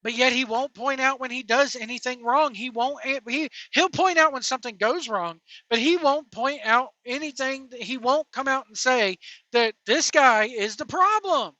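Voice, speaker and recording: A wrestling commentary vlogger rants in a sarcastic, indignant, rambling way. Her high-pitched voice is pushed and bright at a normal speed, and the recording has a dull, dry lo-fi sound with no echo.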